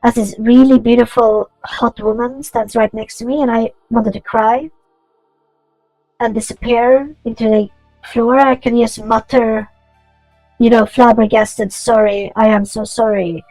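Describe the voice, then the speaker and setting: A woman's voice: on the high side, fairly even intonation, measured pace, gravelly, darkish tone, no echo, soft background music, rough recording. A woman chatting casually while coding on stream, rambling through stories and swearing freely.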